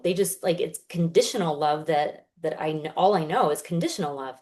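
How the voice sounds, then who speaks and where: Woman, 30s, low-ish voice, earnest healer guest, chatty explainer. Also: fairly quick, hardly any pauses, darkish tone. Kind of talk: casual podcast interview.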